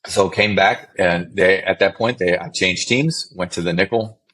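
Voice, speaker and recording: A middle-aged man with a very low voice talks as a podcast guest about his service years. He rambles and restarts often, swears now and then, and keeps a casual, storytelling tone. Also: normal speed, fairly bright tone, low-quality recording. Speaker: guest, former special forces medic.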